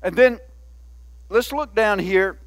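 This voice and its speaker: A man's voice: high-pitched, takes it slowly, no echo. A man, a pastor, preaching a sermon in a folksy, conversational way with many asides to the church.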